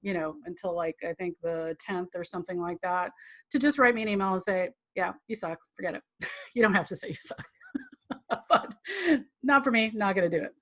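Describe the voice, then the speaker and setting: A woman's voice: on the low side, moderate pace, bright, forceful tone. Chatty woman teaching a tantra class. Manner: chatty, rambling, acts out quotes with laughs. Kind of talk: live online class teaching.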